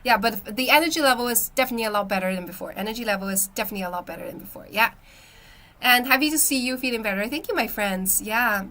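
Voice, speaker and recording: Young woman, casual live-stream chat, bright tone, recovering from a cold, says "my friend" a lot. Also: on the high side, quick pace. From China. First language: Chinese. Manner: chatty, reads out viewer comments, frequent "my friend" and "yeah". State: recovering from illness, coughing. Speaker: livestream host.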